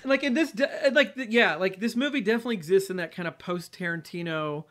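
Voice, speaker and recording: A man with a fairly high voice co-hosting a podcast. He talks in a loose, casual way and says "like" constantly while he thinks aloud about movies. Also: fast, fairly bright tone. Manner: casual, filler-heavy with many likes. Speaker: podcast co-host. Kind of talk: casual film discussion.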